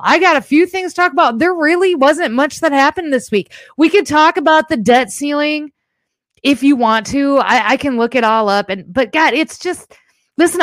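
A woman's voice: high voice, a bit bright, no room sound. A woman hosting a casual livestream show, chatting bluntly with viewers, swearing freely, and rambling through asides from her home setup. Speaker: podcast host.

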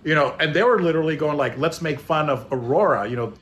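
A man's voice: on the high side, fast talker, fairly bright tone, lo-fi sound. A middle-aged man from Illinois in casual chat, reflective and rambling with many restarts.

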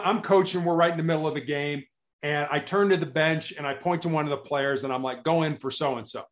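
Middle-aged man, from Chicago, animated storyteller, raised pitch, interview guest. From Chicago, United States. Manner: animated storyteller, acts out quotes. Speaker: guest, motivational speaker.

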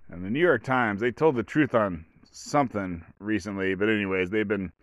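A man's voice: lowish voice, normal speed, no room sound, studio quality. A man talking on his own show in casual commentary, rambling and sarcastic, full of restarts and fillers. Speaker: podcast host.

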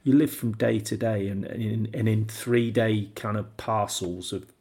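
Gravelly guy, ex footballer, rambles and restarts a lot, casual chat. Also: fairly low pitch, steady tone, a little slow, darkish tone. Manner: rambling, with many restarts and acted-out quotes. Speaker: former footballer. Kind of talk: casual anecdotal interview talk.

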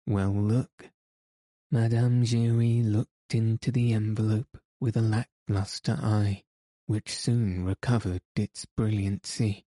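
A man reading a classic novel aloud in measured, even scripted narration. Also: fairly low pitch, dry recording, clean studio sound. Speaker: audiobook narrator.

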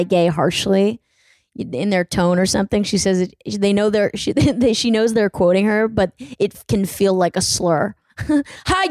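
A woman's voice: medium pitch, a little mellow, no echo. A young woman hosting a podcast, chatting casually in a rambling, self-deprecating way full of fillers. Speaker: podcast host. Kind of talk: casual solo chat.

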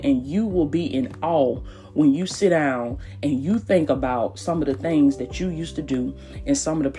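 A woman hosting a devotional podcast, preaching in a hushed, half-whispered voice from a small closet, repeating phrases and calling listeners "baby.". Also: low-pitched. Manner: repetitive, calls listeners "baby" and "y'all". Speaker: podcast host.

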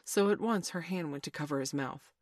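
A woman reading a children's classic aloud as narrator, steady and expressive. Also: deep voice, brisk, no echo, clean studio sound.

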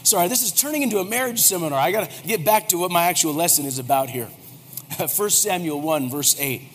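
A man's voice: high-pitched, a little fast. A man in his forties, a pastor preaching a humorous sermon and acting out quoted voices. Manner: animated, joking, acts out quoted voices. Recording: hall reverb, faint background noise.

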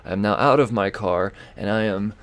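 A man on a podcast tells a story as a profane, exasperated rant. His voice sits on the low side and is recorded close and dry, with no room sound. The delivery stays casual and comic throughout. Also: normal speed, smooth, no room sound. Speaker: podcast host.

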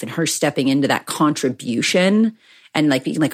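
A woman's voice: low-pitched, lively intonation, moderate pace. A young adult woman co-hosting a podcast in casual chat, candid and effusive, swearing freely. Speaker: podcast co-host.

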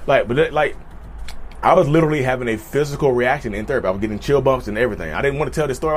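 Fast-talking man telling a personal story. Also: mid-range voice, a little hiss or hum. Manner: chatty, repetitive, keeps addressing viewers as y'all. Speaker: vlogger. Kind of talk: casual storytelling to viewers.

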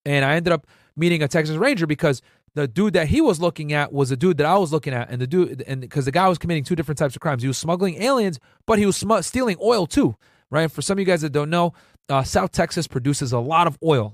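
A man's voice: fairly high pitch, fast, no echo, studio quality. A man in his thirties from Connecticut, a former federal agent telling stories to viewers in a loose, rambling, slangy way. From Connecticut, US Northeast. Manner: slangy and profane, peppered with "bro" and "right?"; rambling, with frequent restarts. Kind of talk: casual storytelling to viewers.

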